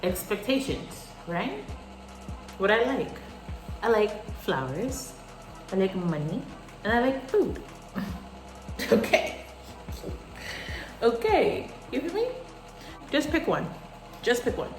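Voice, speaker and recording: A young woman vlogger talks through her wash day, her fairly high voice swinging up and down. She laughs often and swears freely. The room echoes around her, with faint music underneath. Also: big pitch swings, takes it slowly, pauses often. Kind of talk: casual chat.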